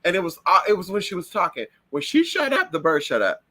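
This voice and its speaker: A man chats with his viewers in a sassy, profane gossip style. His voice sits a little high and comes out bright and sharp. His pitch jumps around lively as he acts out every moment of the story. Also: fast. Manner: does shrill high voices for birds and people in stories. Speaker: livestream host. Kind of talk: casual gossip chat.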